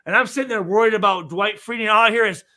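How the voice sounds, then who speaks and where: A man, a former football player, telling profane stories in casual chat and acting out loud reenactments. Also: high-pitched, very fast, no echo, studio quality.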